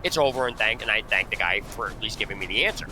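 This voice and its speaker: A man's voice: fairly low pitch, steady tone, quick pace, a crowd in the background. A man ranting indignantly over gameplay, rambling with restarts and swearing freely. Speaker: gaming streamer. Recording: noisy game audio behind. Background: gunfire and game sounds.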